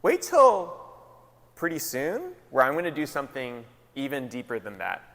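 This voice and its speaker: A man, a pastor, giving a casual, joking sermon with lively retellings. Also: medium pitch, fairly quick, long reverb tail. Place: large hall.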